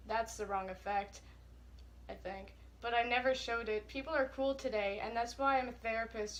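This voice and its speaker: A young woman reading fan fiction aloud for laughs, in a flat, hurried way that keeps breaking into giggles. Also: on the high side. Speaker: co-host.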